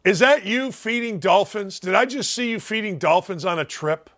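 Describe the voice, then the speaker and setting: A high-pitched older man hosts a sports talk show with a blunt, mocking edge. He jumps from loud jabs down to low, grumbling mutters. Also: normal speed. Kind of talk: opinionated sports talk rant.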